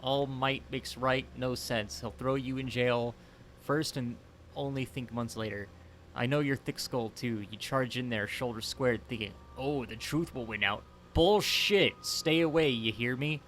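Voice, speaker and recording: Brief: cocky criminal boss, done by a man in a bad British accent, scolds loudly; middle pitch, faint hum. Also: steady tone, normal speed, natural voice. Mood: warning. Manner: loud, blustering, scolding. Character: brash male gang boss, cocky and swaggering. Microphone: headset.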